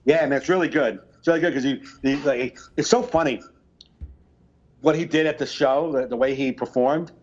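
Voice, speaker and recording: A male podcast co-host who rambles through his stories, breaking into animated bits of mimicry. His voice sits at a middle pitch, and the audio is a little dull and lo-fi. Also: normal speed. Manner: rambling, animated storytelling with impressions. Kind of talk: casual chat.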